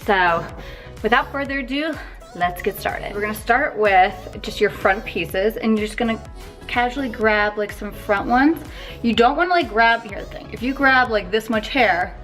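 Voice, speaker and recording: A woman's voice: medium pitch, fairly bright tone. Chatty young woman giving hair tips. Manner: chatty, with fillers and asides. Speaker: beauty vlogger. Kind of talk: casual hair tutorial.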